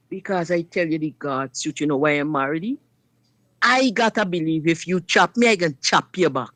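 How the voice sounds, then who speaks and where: Woman telling her story on a talk show, low-ish voice, dry close sound, really emphatic. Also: normal speed, no echo. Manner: emphatic dialect storytelling, addresses listener directly. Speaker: guest sharing personal story. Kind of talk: personal testimony on a talk show.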